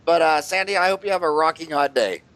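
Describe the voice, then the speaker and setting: A man's voice: on the high side, fast, fairly bright tone, no echo. A man hosting an interview podcast, chatting casually and telling rambling jokey stories full of fillers. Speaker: podcast host.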